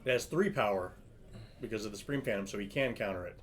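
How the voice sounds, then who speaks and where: A man calling a live card game at a card shop, reacting quickly and excitedly to each play. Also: lowish voice. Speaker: play-by-play commentator.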